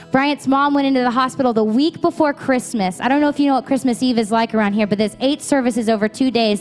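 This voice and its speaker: Candid, conversational woman preacher. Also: fairly high pitch. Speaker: pastor. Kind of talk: sermon. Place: church auditorium.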